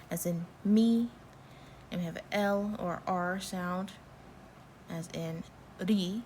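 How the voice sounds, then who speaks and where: American woman, language teacher; unhurried, patient delivery, mid pitch, light background noise. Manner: slow, patient explaining with repeated example words. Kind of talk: online language lesson.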